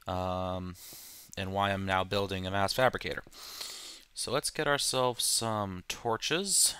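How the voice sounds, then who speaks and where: A man's voice: fairly low pitch, bright, forceful tone, smooth. A man hosting a let's play, talking through his game with casual, joking, self-deprecating asides. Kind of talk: casual gameplay commentary.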